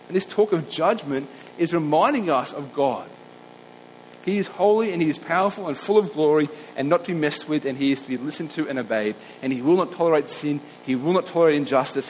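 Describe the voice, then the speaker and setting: Earnest preacher in a reverberant hall. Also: male voice, on the high side, slight background noise. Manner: earnest, emphatic, slows down to stress scripture readings. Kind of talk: sermon.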